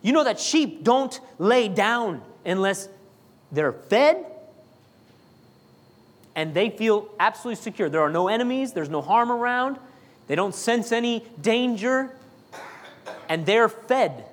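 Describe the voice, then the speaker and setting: A man's voice: high voice, expressive, a little slow, long pauses. A man preaching a sermon, talking to the congregation in a chatty way, full of jokes and asides. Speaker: pastor.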